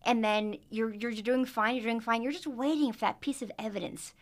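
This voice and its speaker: A woman who is a guest on a podcast, talking in an animated way and laughing easily. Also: a little high, a little fast. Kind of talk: casual interview chat.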